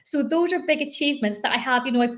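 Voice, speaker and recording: A woman's voice: sits high, rapid-fire. Chatty Northern Irish woman coach. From Northern Ireland. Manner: chatty, animated, many fillers and restarts. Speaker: guest, business coach. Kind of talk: conversational interview.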